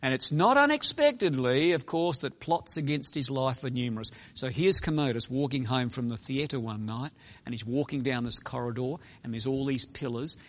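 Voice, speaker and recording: A middle-aged man preaches to young people in a dramatic storytelling style, swinging from loud exclamations to hushed asides. His pitch is medium and his pace moderate.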